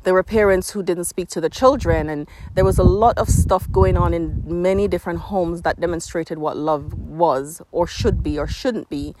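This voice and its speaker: A woman's voice: fairly low pitch, fairly even intonation, normal speed, few pauses. A slightly breathless woman talks earnestly in a reflective monologue, often circling back to rephrase her thoughts. She is recorded outdoors on a hilltop, and heavy wind noise roars across the mic. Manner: earnest, searching, restarts phrases. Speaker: podcast host.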